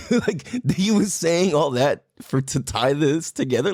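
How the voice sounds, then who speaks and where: A young man hosts a casual podcast, telling a story with lively swings of pitch that shoot up whenever he quotes himself. He swears freely and keeps it loose and chatty. The sound is dry and close, with no room around him. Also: a little slow, no echo. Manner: animated storytelling, heavy swearing, voice jumps high when quoting himself. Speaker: podcast host. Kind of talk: casual chat.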